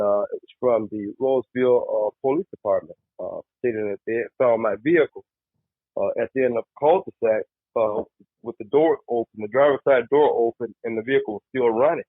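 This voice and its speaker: A middle-aged man speaks hesitantly, pausing on many "uh"s. His voice is husky and mid-pitched. He sounds dry and tinny, like a phone line. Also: dry recording. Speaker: interviewee, uncle of the missing man.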